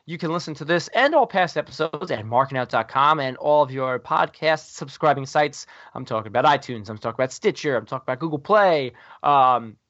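Jokey podcast host guy, kinda high voice, rambles a lot, dry muffled lo-fi sound. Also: fairly bright tone, dry recording. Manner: rambling and jokey, with many fillers. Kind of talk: casual chat. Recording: dry, dull lo-fi recording.

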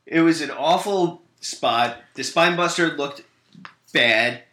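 A man co-hosting a casual podcast, talking bluntly and brushing off opinions he disagrees with. His voice is bright and forward. The room around him is echoey. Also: a little high, slow pace. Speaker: podcast co-host. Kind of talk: casual wrestling chat.

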